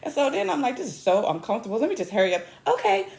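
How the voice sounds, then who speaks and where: Animated woman comic, roomy echo. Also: racing, vocal fry. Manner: animated, chatty, self-mocking with sudden high squeals. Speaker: comedian host. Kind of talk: comic storytelling monologue.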